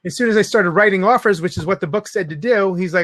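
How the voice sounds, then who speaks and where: A man with a high, bright voice hosts an interview. He talks with eager energy, telling stories quickly and restarting his sentences as he goes. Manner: enthusiastic, quick storytelling with restarts. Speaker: interview host. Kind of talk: casual interview chat.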